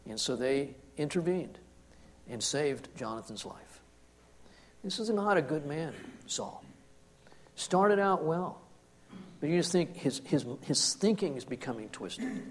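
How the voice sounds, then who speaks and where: A man preaching a sermon, commenting on scripture in an emphatic way that swings from hushed to forceful. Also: on the high side, animated, a little slow, long pauses. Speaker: pastor.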